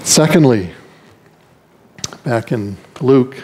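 A male pastor preaching a sermon to his congregation, swinging between soft, quick asides and raised, stressed lines. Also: medium pitch, lively intonation, breathy edge. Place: church sanctuary.

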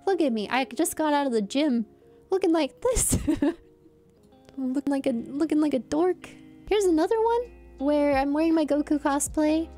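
A woman's voice: high-pitched, animated, moderate pace, dark tone, soft background music. A young woman telling stories in a rambling, giggly vlog chat. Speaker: streamer.

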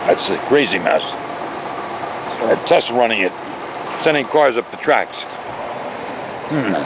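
Here a man speaks slowly and expressively at a mid-range pitch while filming himself outdoors beside a lake. Noise fills the background as he rambles casually and rants with plenty of exaggeration.

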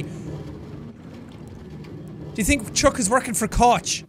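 A man giving excitable let's play commentary, swinging from yelling outbursts to low mutters. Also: takes it slowly, background noise. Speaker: gameplay commentator.

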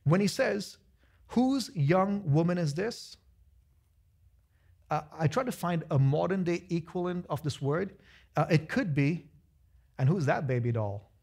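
A man pastor preaching a lively sermon to his church, acting out voices of the people in his stories. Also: sits high, measured pace, vocal fry, long pauses. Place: church sanctuary.

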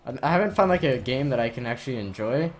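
A man hosting a gaming channel, giving excited live commentary over his own match, often yelling and laughing at plays. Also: mid-range voice, quick pace.

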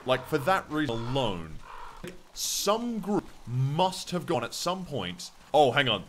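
A young Australian man talks through a game in loose, chatty commentary, swearing now and then and answering his viewers. His pitch swings up and down, and a faint hum of noise sits under the voice. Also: sing-song, slow. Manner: chatty, swears, reads chat aloud. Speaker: gaming streamer. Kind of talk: casual gameplay commentary.

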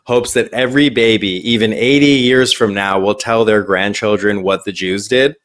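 A man, a comedian guest on a podcast, chatting casually and making quick jokes. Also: fairly low pitch, steady tone, a bit bright. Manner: joking, quick asides.

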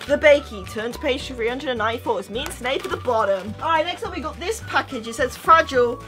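Young woman, high pitch, bright tone, excited unboxing vlog, chatty. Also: fast talker, soft background music. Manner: gushing, squealing, chatty. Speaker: YouTuber.

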